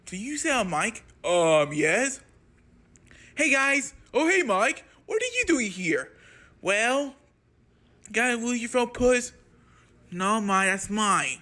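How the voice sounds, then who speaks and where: A man's voice: very high-pitched, big pitch swings, takes it slowly, long pauses, sharp tone. A man acting out a playful homemade skit, switching between put-on character voices.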